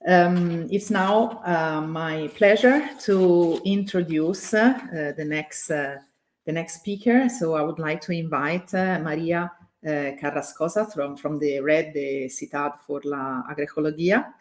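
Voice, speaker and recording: Woman, english, halting welcome speech, lots of fillers, video call. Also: low-pitched. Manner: halting, many fillers and restarts. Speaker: president of the organization, opening host. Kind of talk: hesitant welcome speech with thanks.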